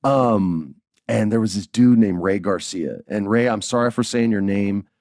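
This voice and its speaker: A man in his forties hosting a podcast, telling stories in a lively, joking way and laughing as he goes. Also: lowish voice, measured pace, no room sound, studio quality. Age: 40s. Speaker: podcast host. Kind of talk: casual storytelling podcast.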